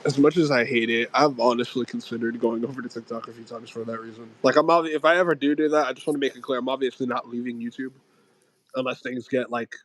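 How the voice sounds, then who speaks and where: A man's voice: medium pitch, steady tone, quick pace, fairly bright tone, low-quality recording. A young man hosting a casual livestream, rambling with lots of fillers and slang. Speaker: livestream host. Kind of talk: casual chat.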